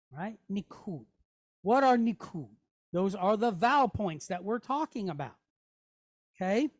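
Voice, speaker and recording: A woman's voice: fairly high pitch, no echo, studio quality. A woman teaching a class in a chatty way, often checking in with "okay?" and "right?". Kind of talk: classroom lesson.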